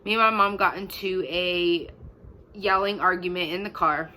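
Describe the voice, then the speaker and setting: A woman's voice: lowish voice, steady tone, normal speed, pushed and bright, rough recording. Chatty young woman telling her story. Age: young adult. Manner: chatty, full of fillers. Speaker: vlogger. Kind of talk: personal storytelling.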